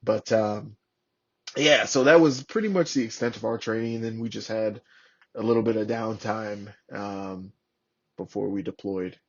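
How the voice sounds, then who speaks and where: A man's voice: lowish voice, moderate pace. Profane ex-Marine man telling stories. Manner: profane, animated, acts out shouted quotes. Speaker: podcast guest, former Marine. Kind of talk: casual storytelling. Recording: lo-fi podcast audio.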